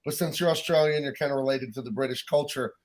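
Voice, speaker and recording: A man's voice: mid-range voice, fast. A man from California with a standard American accent on a podcast, asking questions and reading viewer questions from the chat. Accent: General American. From California, USA. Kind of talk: casual chat.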